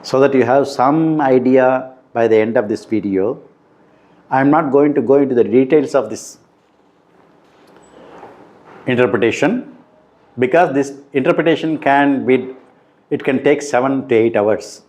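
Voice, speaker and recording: A middle-aged man, giving a slow, deliberate spiritual talk that turns emphatic on key points. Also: medium pitch, a little mellow. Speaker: spiritual teacher. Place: room indoors.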